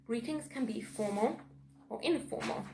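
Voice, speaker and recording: A woman teaching a lesson in a clear, measured way. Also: on the high side, animated, a little mellow, slight background noise, rough recording. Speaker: English teacher. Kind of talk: online language lesson.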